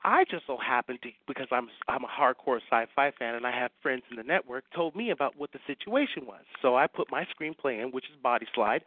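A man guest on a radio talk show, telling anecdotes with excitement and acting out the dialogue. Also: mid-range voice, brisk, few pauses, no echo. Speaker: guest writer. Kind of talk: animated storytelling in a radio chat. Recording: dry, phone-like line.

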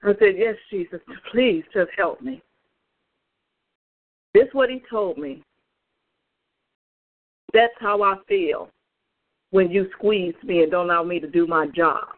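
A woman's voice: mid-range voice, slow pace, long pauses. A woman evangelist giving an emphatic, fervent spoken testimony on a prayer call, speaking straight to her listeners over the phone. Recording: tinny phone line.

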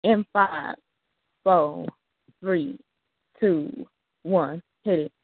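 Brief: female battle host, energetic countdowns and shout-outs, phone-line audio. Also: on the low side, drawn-out words, no room sound. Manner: hyped, emphatic hype-host calls. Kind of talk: hosting a rap battle. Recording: dry tinny phone line.

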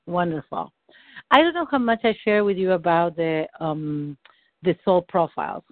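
A woman's voice: fairly low pitch, normal speed. Encouraging woman coach on a phone line. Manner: affirming, encouraging, leads with questions. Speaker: coach or practitioner. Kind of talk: guiding conversational call. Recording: dry, tinny phone line.

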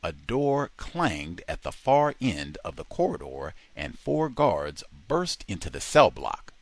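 Brief: male book reader, low and expressive, dry close sound. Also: slow, creaky, no echo. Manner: dramatic, expressive reading. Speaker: audiobook reader. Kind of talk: reading a nonfiction book aloud.

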